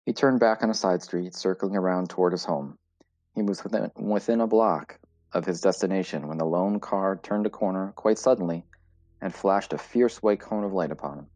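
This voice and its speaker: Very deep-voiced male story narrator. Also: darkish tone, no echo. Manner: measured, deliberate storytelling. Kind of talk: dramatic story reading. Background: faint music.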